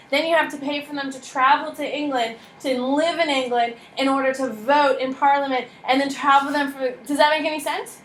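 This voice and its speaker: A woman teacher with a fairly high voice gives a history lecture in a classroom. She talks bluntly and with lively energy, firing rhetorical questions at her class. A faint noise sits under her voice. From United States.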